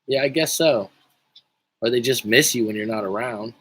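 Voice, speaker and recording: A man's voice: mid-range voice, normal speed, a bit bright, slightly rough, poor audio. Joking, profane male livestream coach. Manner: joking, profane, rambling with restarts. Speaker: life coach. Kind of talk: casual livestream talk, reading viewer comments.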